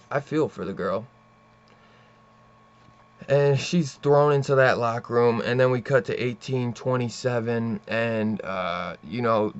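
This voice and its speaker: A man's voice: mid-range voice, highs cut off. A young man casually retelling a comic plot, rambling and swearing, full of fillers and asides. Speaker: comic book reviewer. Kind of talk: casual comic book review.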